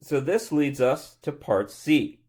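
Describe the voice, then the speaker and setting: A man's voice: fairly high pitch, animated, slow, darkish tone. A man working through a chemistry problem step by step, talking aloud through each calculation as a tutor. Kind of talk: worked-problem lecture.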